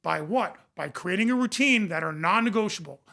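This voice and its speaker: A high-pitched man with a bright, forceful voice talks in a passionate, emphatic way. He repeats phrases to drive each point home and speaks as a recovery coach and podcast guest. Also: lively intonation, a little fast, vocal fry. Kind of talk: passionate conversation.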